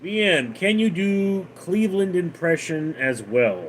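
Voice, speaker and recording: A man hosts a casual livestream and reads out viewer questions one by one. His delivery is deadpan and unhurried, with a pitch that moves up and down a lot. Faint ambient hum sits behind him. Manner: deadpan, reads names then answers. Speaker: livestream host.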